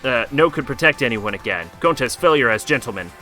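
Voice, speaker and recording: A man doing a gentle giant boy, broken speech. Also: mid-range voice, lively intonation, soft background music, poor audio. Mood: remorseful. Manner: halting, broken grammar.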